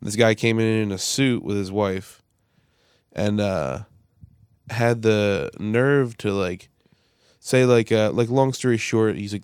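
A man's voice: lowish voice, slow pace, smooth, no room sound, studio quality. A young American man on a casual podcast, telling stories with lots of swearing and acted-out quotes. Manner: animated storytelling, swearing, acting out quotes. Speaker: podcast host.

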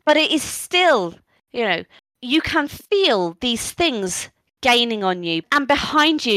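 A woman narrating a tabletop role-playing game as game master, lively and playful. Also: fairly high pitch, dry recording, poor audio.

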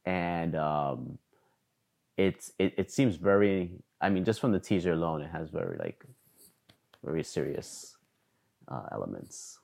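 Low-pitched male podcast co-host, halting and hesitant, sentences fading out. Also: expressive, vocal fry. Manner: hesitant, many restarts and fillers, trailing off quietly. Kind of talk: casual chat.

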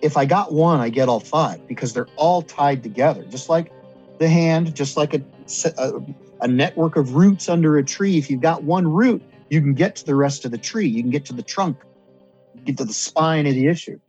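Husky man, earnest and rambling. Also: a little high, moderate pace, darkish tone, muffled recording, faint music behind. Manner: earnest, rambling, repeats and restarts. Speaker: guest. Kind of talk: candid conversation about recovery.

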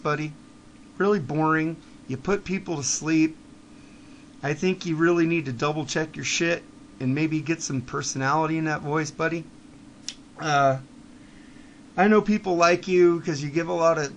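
A man with a high-pitched voice rants on his podcast, blunt and profane. He drops into low mutters, then builds to heated shouting, with faint ambient noise behind him. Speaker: podcast host. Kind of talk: ranting monologue.

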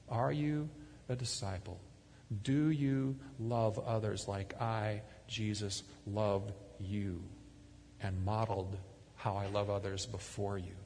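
A man's voice: mid-range voice, big-room sound. A male pastor preaching a sermon in an earnest storytelling manner, often repeating and restarting words. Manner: earnest storytelling, acts out the scripture scenes.

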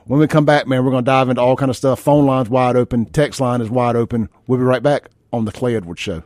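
A man's voice: mid-range voice, steady tone, fast, darkish tone, dry recording, studio quality. A man hosting a conservative morning talk radio show, brash and joking, reading live ads in between. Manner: brash, joking, offhand, reads live ad copy. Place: radio studio. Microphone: studio microphone.

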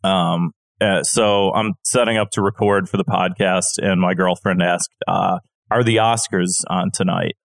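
A man co-hosting a podcast, telling stories in a rambling, halting casual chat. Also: low voice, steady tone, creaky, dry recording, studio quality. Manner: rambling storyteller with halting restarts. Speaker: podcast co-host.

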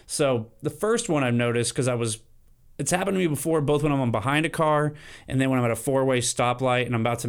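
A man hosting a solo podcast, ranting comically and jumping into high silly voices for his examples. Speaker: podcast host. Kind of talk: solo comedic podcast rant.

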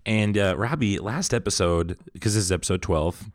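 A man's voice: lowish voice, moderate pace, dry recording, clean studio sound. A man hosting a casual pop culture podcast, talking in an upbeat, chatty, welcoming way. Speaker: podcast host. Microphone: studio microphone.

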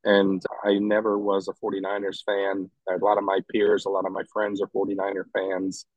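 A man cohosting a podcast, talking in casual chat. He has a fairly low voice, recorded with a dry, close sound, and he ribs his cohost and tells stories. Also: completely flat delivery, moderate pace, dry recording, muffled recording. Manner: ribbing, storytelling. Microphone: travel mic, from an airport.

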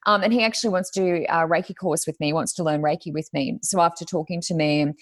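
A woman with a fairly low, fairly even voice talks fast on a dry, studio-quality recording. She's a Reiki healer and reader appearing as a guest in casual conversation, telling stories chattily and acting out what people said.

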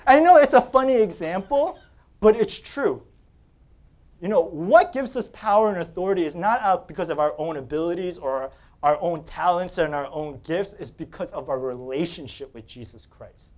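A man's voice: sits high, lively intonation, moderate pace, a little mellow. A man from Staten Island, New York preaching a sermon, telling personal stories in a joking, conversational way and laughing often.

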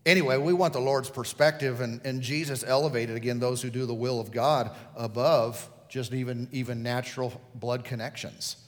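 A man's voice: mid-range voice, steady tone, normal speed, few pauses, in a large hall. A male pastor preaching a sermon, telling the story vividly and putting questions to the congregation.

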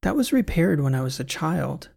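A man's voice: a little high, sing-song, gravelly, a little mellow, slightly rough, exaggerated voice. A man voicing a bewildered amnesiac woman. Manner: bewildered, slow and careful. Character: puzzled woman out of place, memory lost. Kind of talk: audiobook character voice.

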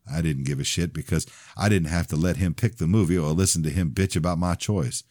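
Man, audiobook narrator, first-person storytelling, steady, very low voice, dry recording. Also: a little fast, no echo.

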